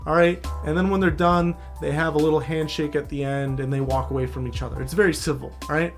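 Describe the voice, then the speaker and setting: A man's voice: on the high side, steady tone, fast, few pauses, soft background music. A man casually explaining networking basics in a screen-share tutorial, often checking in with the viewer. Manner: casual, loose, talks to viewer directly with frequent "all right?". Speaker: cybersecurity instructor.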